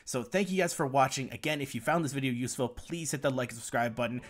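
A man's voice: medium pitch, fast. Man explaining game strategy. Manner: explanatory, talks viewers through strategy. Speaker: gaming guide creator. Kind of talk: gameplay commentary guide.

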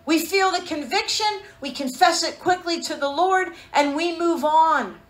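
A woman's voice: very high voice, unhurried. Echoey emphatic woman preacher. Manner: emphatic, calls for amens, rhetorical questions. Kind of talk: sermon.

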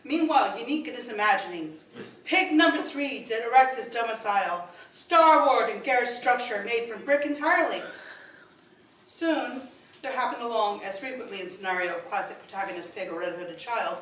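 A woman's voice: a little high, lively intonation, moderate pace, fairly bright tone, a little hiss or hum. A woman bard improvising a comic story in mock old-fashioned English, theatrical and playful. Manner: theatrical, playful, laughing through lines. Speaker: bard performing a spoken story. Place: hall at a live event with an audience. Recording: echoey hall recorded from far off.

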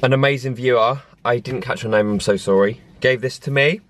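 A young man chatting excitedly to camera in a casual vlog, self-mocking and talkative. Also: mid-range voice, a little fast. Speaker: vlogger. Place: in a car and out and about.

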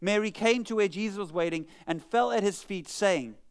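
A male pastor with a fairly high voice delivers a sermon in church. He reads scripture with slow, dramatic pauses, then talks earnestly and conversationally to the congregation. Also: clean tone. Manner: earnest and conversational between readings.

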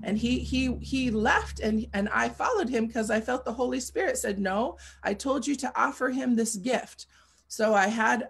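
Gravelly high-voiced woman preaching. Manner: earnest, repetitive, builds to fervent pleading. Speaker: guest speaker. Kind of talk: testimony preaching.

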